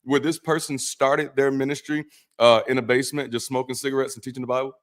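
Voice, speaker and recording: A former pastor hosts a Bible study livestream that feels like a loose, casual chat, with jokes and cursing sprinkled throughout. His medium-pitched voice stays fairly level, he talks quickly, and he keeps repeating words and starting over.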